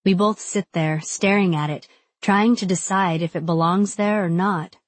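A woman's voice: fairly low pitch, fairly even intonation, moderate pace, no echo. A young adult woman giving intimate, reflective first-person audiobook narration.

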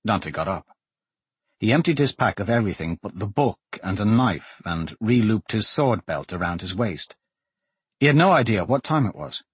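A man narrating a fantasy novel in scripted narration, in a steady, even storytelling manner. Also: on the low side, husky, dry recording. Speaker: audiobook narrator.

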